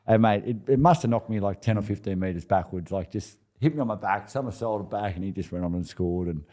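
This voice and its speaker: An Australian man in his forties chats as a podcast guest. His voice sits low and dark, and he spins long anecdotes in a loose, good-humoured way, tripping over his words and starting again. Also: brisk. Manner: laid-back, chuckling anecdotes with many restarts. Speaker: podcast guest, former rugby player. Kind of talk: casual storytelling interview.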